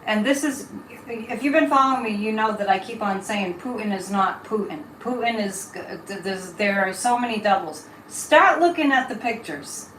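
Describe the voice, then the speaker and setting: A woman's voice: mid-range voice, moderate pace, fairly bright tone, slight background noise. Chatty woman in a roomy space. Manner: chatty, reading viewer comments aloud and digressing. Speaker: psychic livestream host. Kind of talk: casual live chat and tarot reading. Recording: roomy echo.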